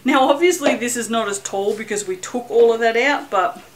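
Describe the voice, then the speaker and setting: A woman's voice: on the high side, moderate pace, slight background noise, poor audio. Chatty woman vlogging. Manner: rambling, self-mocking, swears lightly. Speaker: soap maker vlogger. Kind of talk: casual chatty vlog.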